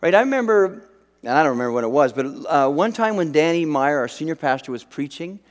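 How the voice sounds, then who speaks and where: A middle-aged man preaching a sermon, telling stories with lively acted-out quotes and frequent restarts. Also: a little high, a little fast. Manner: animated storyteller, acts out quotes, frequent restarts. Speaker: pastor. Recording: long hall reverb.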